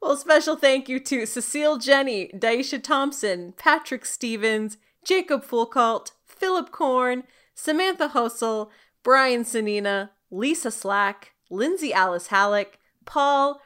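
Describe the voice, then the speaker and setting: Bright, slightly high woman host; casual, playful podcast outro. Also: clear, resonant tone. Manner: chatty, laughing, playful.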